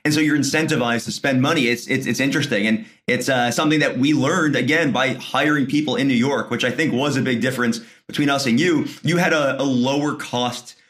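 A man who founded a media company, a guest on a podcast in casual business chat, talking quickly and leaning on "right?" and "like". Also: mid-range voice, a bit bright. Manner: talks fast, leans on "right?" and "like".

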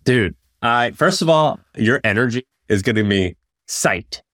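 A man's voice: mid-range voice, animated, unhurried, a bit bright, dry recording, studio quality. A man co-hosting a casual podcast, reacting and asking short questions. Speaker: podcast co-host. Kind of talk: casual chat.

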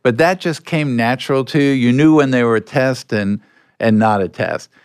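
An older man, a guest being interviewed, telling anecdotes in a relaxed way and acting out bits of dialogue. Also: mid-range voice, normal speed, clear, resonant tone, no echo, clean studio sound. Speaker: guest, former con artist. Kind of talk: storytelling interview answers.

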